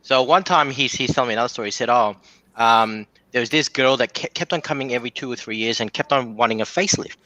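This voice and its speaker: A man's voice: medium pitch, fast talker, sharp tone, dry recording, low-quality recording. A man telling rambling dirty jokes as a caller on a show, restarting his sentences often. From Australia. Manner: rambling storyteller, many restarts. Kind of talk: casual joke telling on a call-in show.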